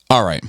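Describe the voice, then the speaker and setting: A male podcast host in casual chat, animated and swearing, voice rising into loud rants. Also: no echo, studio quality. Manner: animated, swears, gets loud when ranting.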